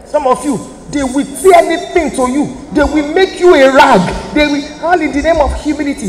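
Nigerian woman, 50s, high animated voice, motivational speaker in a reverberant hall. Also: moderate pace, few pauses, soft background music. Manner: emphatic, preacherly, direct appeals to listeners. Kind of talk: motivational talk to an audience. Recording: echoey hall, faint room noise.

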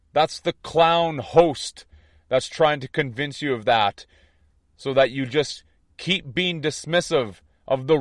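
A man's voice: medium pitch, no room sound, studio quality. A man giving an impassioned spiritual monologue, intense and defiant, repeating his points. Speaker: online preacher.

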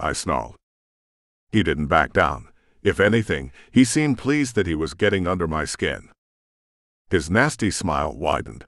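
Male audiobook narrator, very low voice, lively intonation, dry booth sound, tense first-person reading. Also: a little slow, no room sound.

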